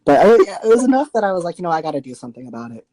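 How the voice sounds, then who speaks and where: A man's voice: fairly high pitch, sing-song, very fast, mellow, dry recording, poor audio. A man co-hosting a podcast, telling a frank, joking story in casual chat. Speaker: podcast co-host.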